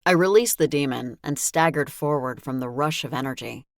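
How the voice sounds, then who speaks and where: Very low-voiced woman narrating dryly. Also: moderate pace, dry recording, clean studio sound. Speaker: audiobook narrator. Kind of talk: first-person scripted narration.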